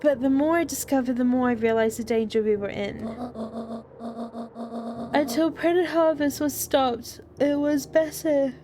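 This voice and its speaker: A woman's voice: high-pitched, unhurried. A woman reading the lines of an earnest, protective mother from a game, with game music behind. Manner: reading game dialogue aloud.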